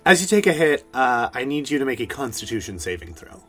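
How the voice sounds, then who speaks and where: A man's voice: mid-range voice, very animated, fairly quick, sharp tone, faint music behind. Laid-back male game master. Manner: laid-back, loose, filler-heavy. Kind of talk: narrating a tabletop game.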